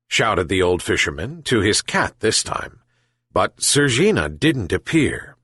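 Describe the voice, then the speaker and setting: A man narrating a children's fable slowly and expressively. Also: on the low side, slightly rough, no room sound, clean studio sound. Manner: slow and expressive. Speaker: storyteller. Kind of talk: storybook narration.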